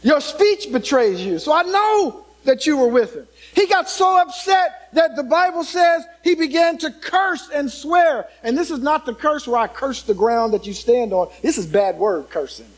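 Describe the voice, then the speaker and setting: A man preaching a sermon, turning dramatic as he swings from loud emphasis to hushed tones and puts questions to the congregation. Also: very high voice, expressive, moderate pace, hardly any pauses, rough recording.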